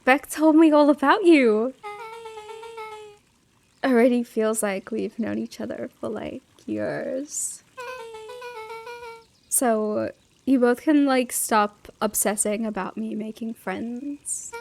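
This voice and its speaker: A woman voicing a pushy teenage girl with a Valley Girl accent who fires off quick questions. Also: a little high, vocal fry, soft background music. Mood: breezy.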